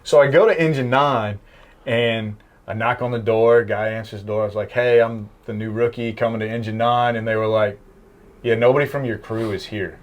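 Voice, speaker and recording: A man's voice: fairly low pitch, steady tone, normal speed. A young man from the Midwest, a firefighter, telling stories in a casual podcast chat and laughing often. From American Midwest. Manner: anecdotal storyteller, laughs often.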